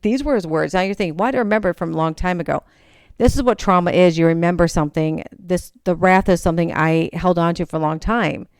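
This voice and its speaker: Young woman podcaster telling a story, acts out the voices, smooth lowish voice, dry close sound. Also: no room sound. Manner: animated, acts out quoted voices. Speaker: podcast host. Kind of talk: storytelling monologue.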